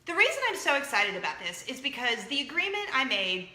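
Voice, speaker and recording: An excitable woman in her thirties hosts a casual chat show, hopping from one point to the next. Her voice sits a little high and rings bright and forceful. The room around her is noticeably echoey. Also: brisk. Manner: chatty, excitable, jumps around. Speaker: show host.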